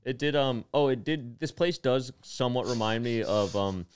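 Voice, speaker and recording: A man in his twenties, a comedian co-hosting a podcast, telling a work story in an animated, profane way. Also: mid-range voice, normal speed, clear, resonant tone.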